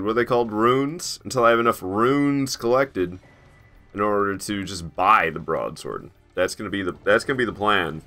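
A man's voice: lowish voice, pushed and bright. Cussing, rambling male game streamer. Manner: rambling, swears freely, laughs at himself. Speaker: gaming streamer. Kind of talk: casual live-stream chat while playing. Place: his garage.

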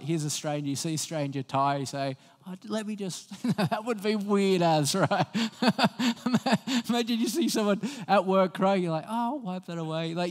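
A man preaching a sermon with a slightly higher voice than most men. He talks to his congregation conversationally and moves between scripture and family stories. His voice rings out with a long reverb in a church hall. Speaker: pastor.

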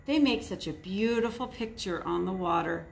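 A woman reading a storybook aloud, voicing a cheerful, dreamy young frog in a gentle, admiring way. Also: mid-range voice, moderate pace, vocal fry, a little hiss or hum, close to an everyday voice.

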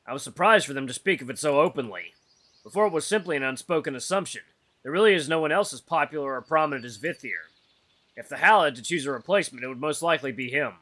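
A man's voice: on the high side, expressive, quick pace, pushed and bright. A man voicing a playful human traveler as he reads a visual novel aloud, with a wry, teasing delivery. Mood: concerned. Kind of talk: voiced visual novel reading.

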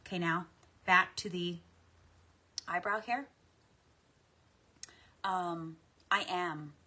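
A woman guiding a tapping meditation, speaking affirmations slowly and softly with deep sighs between them. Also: slightly rough. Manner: slow, soft and soothing, with frequent deep sighs. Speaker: guided tapping practice leader.

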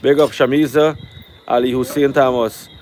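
A man hosting a live stream from a rooftop cookout, reeling off shout-outs and ranting at critics in a brash, animated way. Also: medium pitch, moderate pace, a little hiss or hum.

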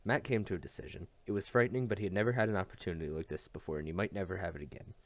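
A man reading a novel aloud as scripted narration, in an expressive storytelling manner. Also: low-pitched, very fast, dry recording. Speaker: audiobook reader. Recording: dull dry recording.

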